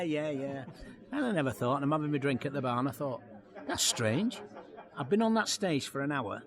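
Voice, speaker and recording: Comic in his fifties, lively yarn-spinner doing voices, interviewed outside over a busy crowd. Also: mid-range voice. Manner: lively storyteller, acts out voices, laughs often. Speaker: comedian guest. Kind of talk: anecdotal interview chat. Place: outdoor launch event. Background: crowd chatter.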